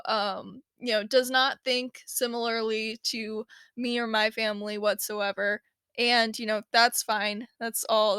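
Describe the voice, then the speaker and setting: A woman's voice: on the high side, clear, resonant tone, no room sound, studio quality. A woman hosting a podcast, talking casually and retelling a story with lots of fillers and little laughs. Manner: chatty, animated retelling with frequent fillers and laughs. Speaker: podcast host. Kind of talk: casual solo podcast talk.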